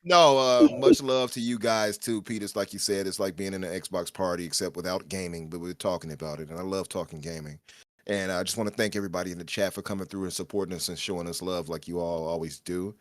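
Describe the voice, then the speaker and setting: Gaming podcast guy, low voice, bright and punchy, super dry sound, laid back chatter. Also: fast, no echo. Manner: relaxed, chatty sign-off with laughs. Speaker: podcast co-host. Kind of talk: casual gaming podcast chat.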